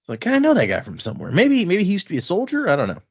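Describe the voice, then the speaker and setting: Animated man recapping a book, lo-fi. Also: high-pitched, racing, husky. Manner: animated retelling, quotes characters in a loose conversational voice. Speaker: podcast host recapping a book. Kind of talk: casual chat. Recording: dull lo-fi podcast audio.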